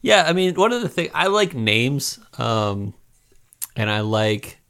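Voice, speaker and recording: Male podcast co-host, relaxed chat, halting with fillers, mid-pitched voice. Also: smooth. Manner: easygoing, hesitant with many ums. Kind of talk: casual chat.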